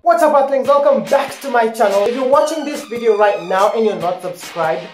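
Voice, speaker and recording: A man's voice: extremely high pitch, lively intonation, brisk, darkish tone. A young man from Kenya, hosting a casual Q&A vlog in a sassy, dramatic manner and swearing freely. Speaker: YouTuber. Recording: echoey room with faint music.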